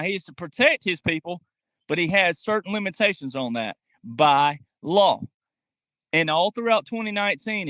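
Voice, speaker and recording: Speaking straight to his listeners, a man gives a forceful political commentary, mimicking quoted people in mocking tones. His voice is on the high side and sharp, and the recording is dry.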